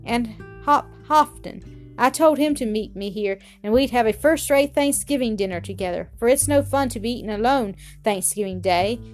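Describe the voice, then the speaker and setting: A woman voicing a cheerful, generous young newsboy, reading him higher and brighter than her narration. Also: normal speed, soft background music, lightly acted. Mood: eager.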